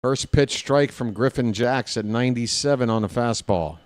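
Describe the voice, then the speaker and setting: A man's voice: medium pitch, moderate pace, no room sound. A man calling baseball play-by-play for his stream, with casual, self-deprecating asides to viewers.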